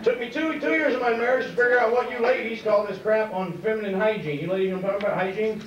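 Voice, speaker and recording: A man in his thirties doing a stand-up comedy set on a club stage, telling quick stories and tossing asides to the crowd. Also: high-pitched. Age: 30s. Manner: brash, rapid storytelling with quick asides to the crowd. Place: comedy club stage before a laughing audience. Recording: dull, echoey club recording from a distance, loud crowd and laughter.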